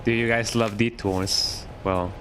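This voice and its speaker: A man's voice: on the low side, steady tone, unhurried, a bit bright, slight background noise. Rambling jokey male game streamer. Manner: rambling, jokey, tags lines with "eh". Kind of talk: casual gameplay chat.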